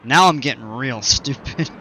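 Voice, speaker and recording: A man's voice: medium pitch, bright, forceful tone, a little hiss or hum. A man giving casual gameplay commentary, rambling and self-mocking with many fillers. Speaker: game channel host.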